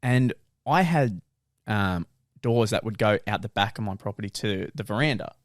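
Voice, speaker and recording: A young man, co-hosting a podcast and telling animated stories. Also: fairly low pitch, normal speed, no room sound, studio quality. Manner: animated storyteller. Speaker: podcast co-host. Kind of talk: casual chat.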